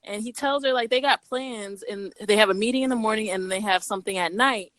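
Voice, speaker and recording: A woman co-hosting a podcast, casually retelling a story and quoting its characters in a lower voice. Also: fairly quick, no echo. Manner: relaxed, chatty, quoting characters in a lower voice, laughs often. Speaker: podcast co-host reviewing a story.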